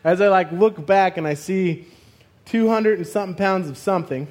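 A man preaching a sermon, telling a funny personal story and acting out the scenes with loud exclamations. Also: high-pitched, moderate pace. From Arizona.

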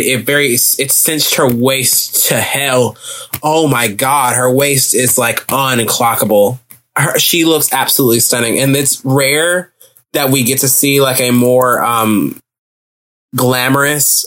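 A man hosting a podcast episode, reviewing in a gushing, casual way with lots of fillers, restarts and repeated phrases. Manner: lively pitch jumps when excited. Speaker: podcast host. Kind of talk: casual solo review chat.

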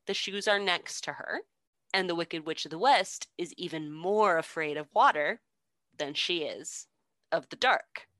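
A woman's voice: on the low side, fairly bright tone, dry recording. A young woman casually retelling a story with sarcasm, frequent swearing and laughter, as a podcast co-host.

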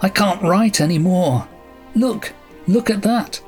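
A man's voice: sits high, takes it slowly, faint music behind, voice pushed up. Man doing a bitter, complaining writer. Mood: angry. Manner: loud, lamenting, sarcastic. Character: frustrated male writer, bitter and self-pitying.

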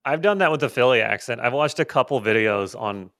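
Another male podcast co-host, mid-range and fairly bright, talks briskly with lively intonation, wandering through casual chat full of fillers and restarts; the sound is clean studio quality without echo.

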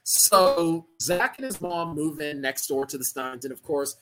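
A man's voice: on the high side, unhurried, low-quality recording. A man co-hosting a podcast, chatting casually and playfully about a film. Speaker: podcast co-host. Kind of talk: casual chat.

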